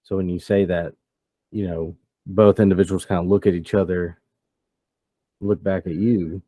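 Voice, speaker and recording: A man narrating as game master of a tabletop role-playing game in a relaxed way. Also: low voice, moderate pace, no room sound.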